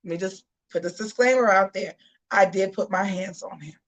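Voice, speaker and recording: A woman hosts a laid-back live chat with her viewers. Her voice sits at an ordinary middle pitch. She tells stories in a sassy, animated way and talks straight to her audience. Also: moderate pace, dull audio. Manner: sassy, animated storytelling, addresses viewers as y'all. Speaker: host of a live gossip and commentary show.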